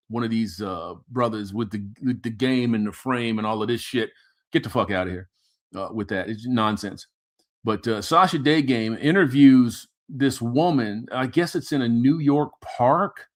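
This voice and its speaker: A man ranting crudely with heavy profanity while commenting on videos he plays. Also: mid-range voice. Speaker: commentary streamer. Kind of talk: casual reaction commentary.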